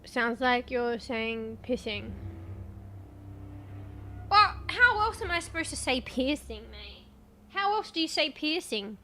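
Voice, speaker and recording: An Australian woman streams a game and chats to her viewers in a bright, sharp voice. She sits a touch high in pitch, takes her time over each phrase and swears freely in an offhand way. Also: big pitch swings, slow pace, long pauses, a little hiss or hum. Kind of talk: casual game-stream chat.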